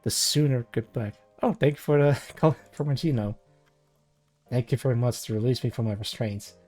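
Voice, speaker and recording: Mellow-voiced man reading a novel aloud. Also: medium pitch, moderate pace, soft background music. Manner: first-person narration, casual self-corrections. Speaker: live-stream story reader. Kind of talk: reading a web novel aloud with chatty asides.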